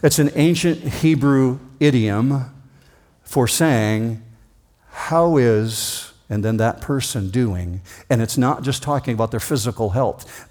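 A man preaching a sermon as a pastor, reading scripture aloud and acting out quoted greetings with expressive delivery. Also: mid-range voice.

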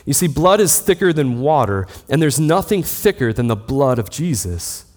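A man's voice: medium pitch, very animated, normal speed, a little mellow. A man in his thirties preaching a sermon, teaching steadily and posing rhetorical questions to the listeners. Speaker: pastor. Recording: long hall reverb.

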